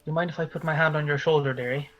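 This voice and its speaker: A man's voice: on the high side, steady tone, a little fast, lo-fi sound, soft background music, close to an everyday voice. Man doing a soothing fatherly devotee. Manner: soft-spoken, ends phrases with "eh?".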